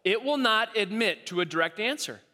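Preacher, man, high bright voice, animated delivery, big reverberant hall. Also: brisk. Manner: animated, acts out quoted voices, repeats himself. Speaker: pastor. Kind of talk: sermon.

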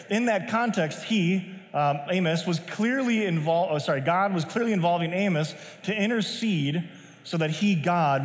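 High-voiced man preaching a casual sermon. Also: long reverb tail. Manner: conversational, digressive, many restarts. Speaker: pastor.

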